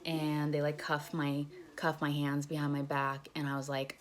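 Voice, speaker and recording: A woman's voice: low voice, little pitch movement, normal speed, few pauses. A young woman casually telling a story on her vlog, candid and profane, retelling events with animation. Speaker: vlogger.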